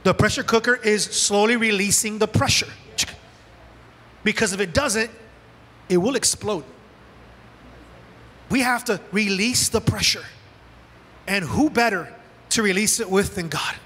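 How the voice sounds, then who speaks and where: Animated high-voiced male pastor preaching. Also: measured pace, long pauses, slightly rough, long reverb tail. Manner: animated preaching, acts out dialogue with God. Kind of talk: sermon. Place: church sanctuary.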